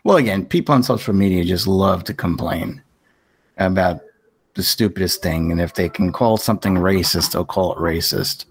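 A man's voice: sits low, moderate pace, slightly rough. A man co-hosting a podcast, talking in plain, blunt casual chat. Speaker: podcast co-host.

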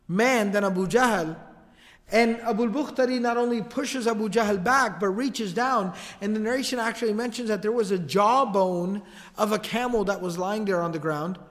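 A man telling a historical story as a lecture, in a casual, lively way with slangy asides. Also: high-pitched. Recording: long hall reverb.

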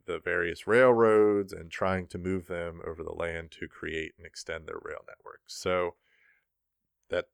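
Low-voiced, relaxed board game podcaster. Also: male voice, measured pace, gravelly, clean tone, dry recording, studio quality. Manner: relaxed, rambling, many ums. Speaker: podcast host presenting board game news. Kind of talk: casual podcast chat.

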